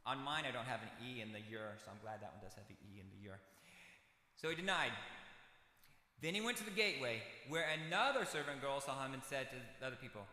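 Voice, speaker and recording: A man's voice: medium pitch, lively intonation, quick pace, bright, forceful tone. An American man preaching a sermon in a church, reading scripture and adding folksy, conversational asides. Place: church sanctuary. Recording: echoey church hall.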